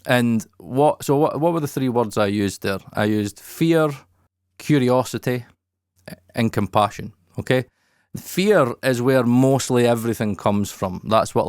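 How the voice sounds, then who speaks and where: A podcast host with a lowish male voice talks candidly and reflectively, swearing casually as he goes. The recording is studio quality with no echo.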